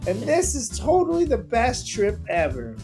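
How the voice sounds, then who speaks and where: A man putting on a chirpy, effusive young man's voice to read out a friend's letter in a high, sing-song way. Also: huge pitch swings, normal speed, warm tone, soft background music, heavily acted. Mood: gushing.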